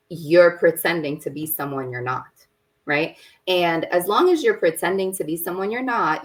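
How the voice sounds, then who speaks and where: A woman who is a podcast guest and business owner, giving advice in a firm, deliberate way and stressing her key points. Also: fairly low pitch, rough recording. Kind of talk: conversational podcast interview.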